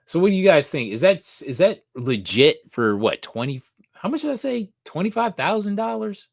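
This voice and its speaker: A man hosting a casual live stream, thinking aloud, swearing casually and getting excited. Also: high voice, moderate pace, gravelly, no echo, clean studio sound. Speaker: host of a comic book live show.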